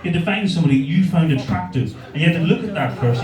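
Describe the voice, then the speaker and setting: Belfast guy doing stand-up, kinda high voice, roomy live venue with the crowd laughing. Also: animated, far from the mic. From Northern Ireland. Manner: crude, quick banter with the crowd. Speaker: stand-up comedian. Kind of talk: stand-up set with crowd work. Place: comedy venue with live audience.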